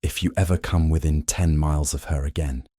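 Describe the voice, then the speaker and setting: A man playing a deep-voiced furious duke. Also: measured pace, no echo, clean studio sound. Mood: menacing. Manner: forceful, shouting then pleading. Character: powerful duke, furious, protective, commanding.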